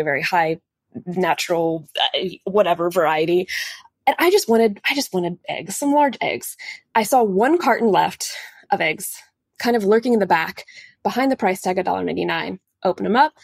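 A woman's voice: medium pitch, no echo, studio quality. An American listener, a woman, telling a personal story in a chatty way and acting out quoted lines. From United States. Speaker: listener sending in a recorded story. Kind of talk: casual storytelling.

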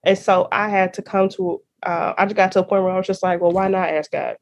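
Laughing, animated woman host. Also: medium pitch, brisk, muffled recording. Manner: animated, laughs often, uses y'all and girl. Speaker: podcast host. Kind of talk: casual chat.

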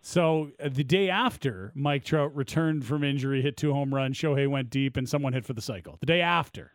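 A man's voice: medium pitch, brisk, dry recording, clean studio sound. A man co-hosting a sports radio show in easygoing banter. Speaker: radio co-host. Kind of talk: casual sports talk.

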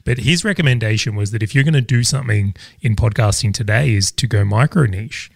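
A male podcast host with a lowish, gravelly voice, talking casually and building thoughtfully on what his guest says before he asks questions. The sound is close and dry. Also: brisk, a little mellow, no room sound. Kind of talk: casual interview chat.

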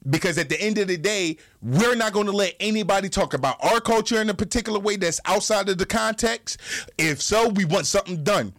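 Insistent high-voiced man arguing. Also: fairly quick, fairly bright tone. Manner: insistent, talks over others, repeats phrases, swears. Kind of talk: heated podcast debate.

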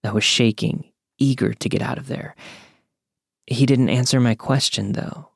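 A young man calmly narrating a true scary story from a script. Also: medium pitch, creaky, husky, dry recording, studio quality. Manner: calm, measured storytelling.

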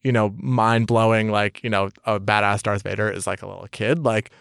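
A man's voice: fairly low pitch, fairly even intonation, normal speed, vocal fry, fairly bright tone, smooth, dry recording, studio quality. Rambling male podcast co-host. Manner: rambling, many fillers, does mocking impressions. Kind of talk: casual podcast chat.

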